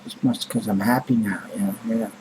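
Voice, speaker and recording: A man's voice: fairly low pitch, steady tone, brisk, darkish tone, a little hiss or hum, low-quality recording. A man vlogging in a rambling, casual monologue, blunt and grumbling, with heavy swearing and many fillers.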